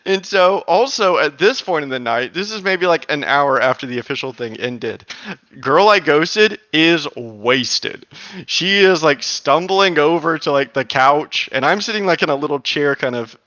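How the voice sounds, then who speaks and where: A man's voice: fairly high pitch, lively intonation, a little slow, bright, forceful tone, dry recording, highs cut off. A man in his thirties telling a long story in casual chat, rambling with lots of fillers and laughs.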